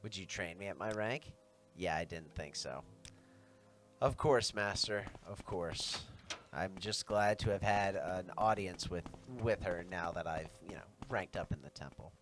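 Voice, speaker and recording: Low voiced guy mumbling through a let's play, some whispery bits, soft game music behind. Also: normal speed. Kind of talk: gameplay commentary.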